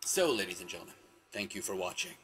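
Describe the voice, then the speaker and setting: A man's voice: low voice, big pitch swings, fast talker, pushed and bright, a little hiss or hum. A man hosting his own video show, telling stories in a rambling, self-correcting way with sudden exclamations. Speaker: vlog host. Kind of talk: casual storytelling monologue.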